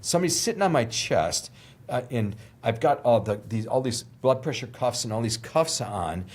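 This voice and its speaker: An older man, a television producer, telling an animated story in an interview, acting out voices and laughing as he goes. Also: mid-range voice, normal speed. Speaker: TV producer, podcast guest.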